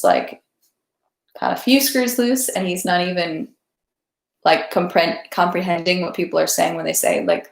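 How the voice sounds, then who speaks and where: A woman's voice: fairly low pitch, vocal fry. Woman reading a novel aloud, roomy echo. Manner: steady reading, chatty afterward. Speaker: read-aloud host. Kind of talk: literary narration, then casual chat.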